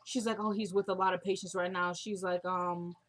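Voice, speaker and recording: A woman's voice: lowish voice, brisk. Casual woman recapping a TV episode. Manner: retells scenes quoting characters, gets excited and loud. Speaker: TV show recapper.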